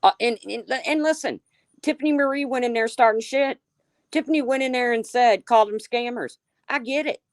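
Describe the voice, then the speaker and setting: A woman's voice: fairly high pitch, brisk, no room sound, studio quality. A woman hosting a livestream, ranting heatedly with lots of swearing and calling out chat viewers by name. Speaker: livestream host.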